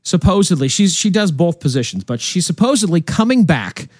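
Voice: medium pitch, big pitch swings, fairly quick, a little mellow, no echo. A radio co-host in casual studio chat, rambling and repeating words as they go.

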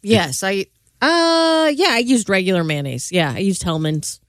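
A man's voice: high-pitched, fairly bright tone, clean tone, dry recording, clean studio sound. A man on a radio show crew, chatting in short casual replies. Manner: quick interjections, short replies.

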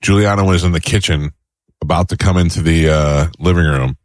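A man's voice: low voice, brisk, no echo. A middle-aged man hosting a morning radio show, telling stories dryly and acting out the quotes, on a studio mic. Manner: dry storytelling, acts out quotes. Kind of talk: casual morning radio chat.

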